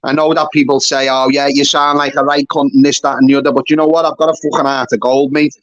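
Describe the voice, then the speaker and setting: A man's voice: medium pitch, little pitch movement, quick pace, highs cut off, a crowd in the background. A man from England hosting a casual livestream chat, blunt and swearing, tacking "mate" onto nearly every sentence. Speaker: YouTube livestream host.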